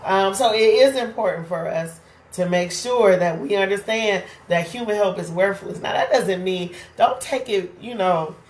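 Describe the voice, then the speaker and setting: In a reverberant space, a woman of medium pitch and normal speed teaches a casual Bible study. She talks conversationally and keeps checking in with "right?".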